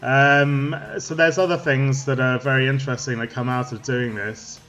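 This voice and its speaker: A man explaining music theory in a casual, halting way, full of ums and restarts. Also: medium pitch, fairly even intonation, fairly bright tone, highs cut off.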